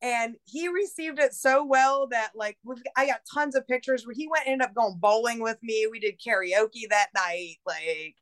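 A woman's voice: fairly high pitch, moderate pace, few pauses. A woman guest on a podcast, talking casually and rambling, swearing a lot and saying "like" constantly. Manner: profane, rambling, heavy use of "like". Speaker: podcast guest, independent filmmaker.

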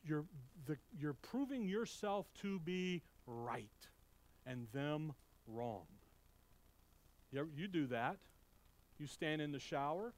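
A middle-aged man preaching a sermon as pastor, animated and anecdotal, moving between loud emphasis and quiet asides. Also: high voice, dry recording.

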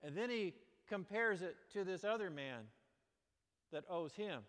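A male pastor preaching a sermon, animated, moving between loud exclamations and quiet, earnest passages. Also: sits high, a little slow. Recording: long reverb of a large hall.

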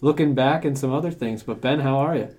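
A man's voice: medium pitch, fast, a little mellow, a little hiss or hum. A man co-hosting a local newspaper podcast in casual chat, chatty and laughing easily. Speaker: podcast co-host, sports editor.

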